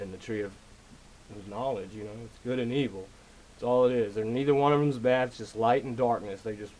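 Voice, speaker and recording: A man giving a casual, rambling monologue to camera, insistent in tone, often saying "you know" and clearing his throat. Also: mid-range voice, a little mellow, slight background noise, rough recording. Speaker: video lecturer.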